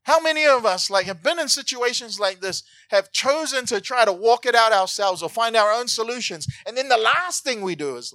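A man preaching a sermon, animated and joking, swinging from loud to hushed. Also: very high voice, brisk, few pauses, dry recording. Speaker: pastor.

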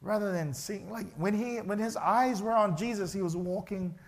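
Animated, high-voiced male preacher. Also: moderate pace. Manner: animated, acts out the characters' voices. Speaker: pastor. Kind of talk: sermon. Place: church.

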